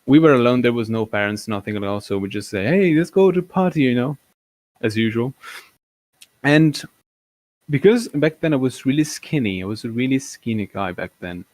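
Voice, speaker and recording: A man's voice: mid-range voice, moderate pace, no room sound. Chill guy on a voice call, telling his story plain and rational, dry sound. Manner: calm, matter-of-fact, rational. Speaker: caller.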